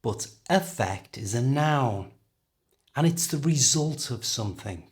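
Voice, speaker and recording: A middle-aged man with a British accent teaching an English lesson, carefully and clearly modelling how words are pronounced. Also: medium pitch, animated, slow. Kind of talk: language lesson.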